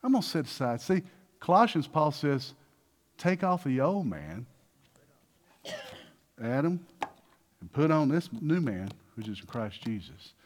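A man preaching a sermon with lots of energy, acting out little dialogues and swinging between loud bursts and hushed passages. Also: fairly high pitch, sing-song, takes it slowly, pauses often. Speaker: pastor.

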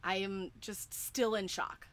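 A young woman talks in an animated, emphatic rush, piling up fillers and swear words. Her voice is bright and forward, with a clear edge. It sounds like an easygoing chat between friends. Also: mid-range voice, slow pace. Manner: excitable, emphatic, swears often, many fillers. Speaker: fan podcaster. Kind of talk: casual chat.

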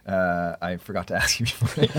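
A man's voice: deep voice, measured pace, a bit bright, no room sound. A man co-hosting a podcast from a radio studio, casual and dryly joking with many hesitations. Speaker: podcast co-host, economics professor. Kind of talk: casual chat. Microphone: studio mic.

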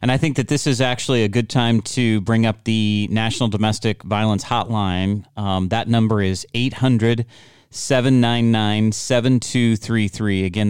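A man hosting an interview, talking in a calm, supportive and measured way. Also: on the low side, smooth, no echo, studio quality. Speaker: podcast host. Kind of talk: interview conversation.

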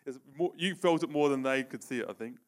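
A man's voice: medium pitch, fast. Conversational male preacher. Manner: conversational, asks "okay?" often, laughs between points. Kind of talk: sermon with live demonstration.

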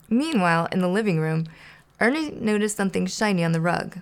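A woman's voice: on the low side, expressive, fairly quick. A woman podcast host reading a children's storybook aloud in a playful way. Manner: playful, laughs to herself.

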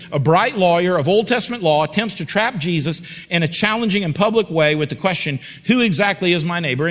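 A man's voice: sits high, fairly bright tone, big-room sound. A male pastor preaching a sermon emphatically, repeating his points and speaking straight to his congregation in a church.

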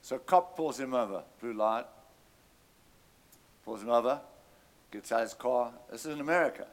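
A man's voice: mid-range voice, moderate pace. A man preaching a sermon, telling a story animatedly and calling out to his congregation.

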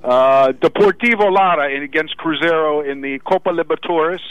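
A man co-hosting a sports radio show, pushing his betting picks in quick, insistent bursts. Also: on the high side, a bit bright, lo-fi sound, faint music behind. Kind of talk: casual sports betting talk.

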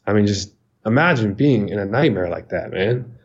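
A man in his forties recounting his own story in an interview, halting and repeating words, often pausing. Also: on the low side, expressive, muffled recording. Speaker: interview guest. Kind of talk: emotional personal account.

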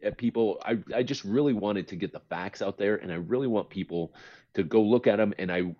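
A man's voice: fairly low pitch, a little fast, muffled recording. A man co-hosting a podcast, talking casually but with impassioned, pleading emphasis. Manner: impassioned, pleading, repeats himself. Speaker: podcast co-host. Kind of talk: casual chat.

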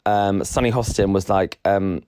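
A man co-hosting a podcast in casual chat, rambling, laughing often, his voice jumping high when excited. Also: measured pace, clear, resonant tone, no room sound, studio quality. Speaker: podcast co-host.

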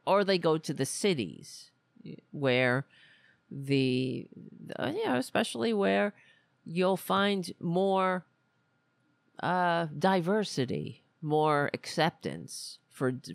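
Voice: mid-range voice, vocal fry, no room sound. A podcast host giving blunt, rambling political commentary, full of restarts. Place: lives in Queens, New York.

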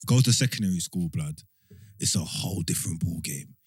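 Quick-talking young man. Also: deep voice, animated, darkish tone, husky, no echo. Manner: laid-back, slangy, quick talker. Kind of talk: casual chat.

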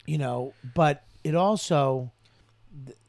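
Brief: guest comedian, man with a slightly high voice, heartfelt and foul-mouthed, leans into emphatic points, dry room. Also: slow, creaky, a little mellow, no room sound. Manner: earnest, profane, building emphatic speeches. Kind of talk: casual chat.

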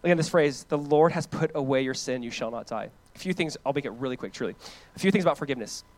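A fast-talking pastor from the U.S. with a medium pitch delivers a sermon in an animated, conversational style. He swings from loud emphatic lines to quiet ones and repeats phrases to stress them.

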